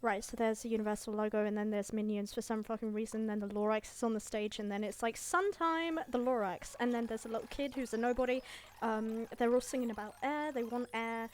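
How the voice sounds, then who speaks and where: A woman casually recapping a film in an offhand, irreverent way, swearing and filling pauses with ums and likes. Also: on the high side, flat delivery, a little mellow. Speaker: video creator summarizing a film.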